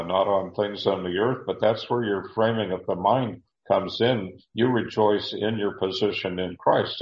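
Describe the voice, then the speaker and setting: A man giving a deliberate verse-by-verse Bible teaching, with frequent fillers and repeated words. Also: low-pitched, roomy sound, muffled recording.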